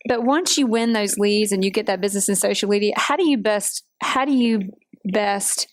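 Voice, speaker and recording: A woman's voice: mid-range voice, normal speed, dry recording. Lady host interviewing a guest, encouraging and upbeat, dry close recording. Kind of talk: casual interview talk.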